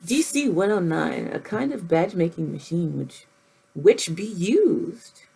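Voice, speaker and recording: A woman vlogger chatting casually through an unboxing, with deadpan joking asides. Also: fairly low pitch, measured pace, creaky, slightly rough, low-quality recording. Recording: loud background noise.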